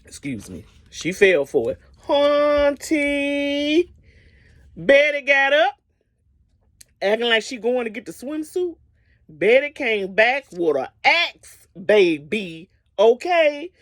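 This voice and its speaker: A woman casually retelling a movie's story in a chatty, animated way, often asking "okay?" and calling the listener "honey". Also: sits high, takes it slowly, dry recording, clean studio sound.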